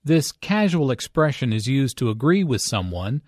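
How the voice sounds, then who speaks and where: A man reading a scripted English lesson, explaining phrases in a careful, clearly enunciated way. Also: mid-range voice, big pitch swings, moderate pace, darkish tone, dry recording, studio quality. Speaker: English teacher and dialogue reader. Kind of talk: scripted language lesson narration.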